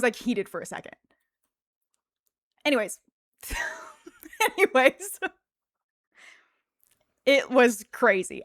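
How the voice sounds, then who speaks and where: A woman streamer chatting casually and telling an animated story, laughing often and peppering her talk with fillers. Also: fairly high pitch, no echo, clean studio sound. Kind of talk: casual livestream chat.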